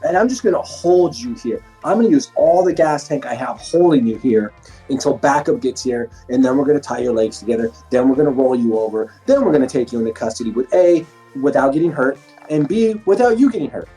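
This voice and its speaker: A man's voice: mid-range voice, fairly quick, soft background music. A middle-aged man, a former fighter turned police instructor, telling stories in casual, profane interview chat. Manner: profane, animated storytelling with acted-out quotes.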